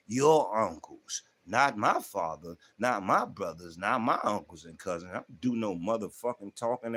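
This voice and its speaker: Profane, confrontational man ranting with AAVE. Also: medium pitch. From South Central Los Angeles. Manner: profane, confrontational, rhetorical questions. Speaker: livestream host. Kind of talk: ranting monologue to chat.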